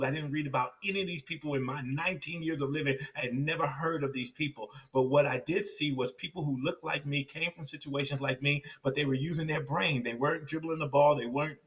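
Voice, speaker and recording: Animated man telling his story, a bit off-mic. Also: a little high, fast, few pauses, far from the mic. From Compton, California. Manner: animated storyteller, repeats phrases for emphasis. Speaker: podcast guest, success coach. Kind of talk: storytelling in a podcast interview.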